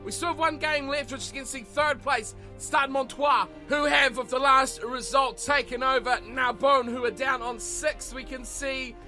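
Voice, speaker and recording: A man playing a rugby video game and calling the action as mock play-by-play commentary, in a lively, chatty way. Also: very high-pitched, moderate pace, hardly any pauses. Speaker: video game let's player. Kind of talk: mock sports commentary over gameplay. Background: game music.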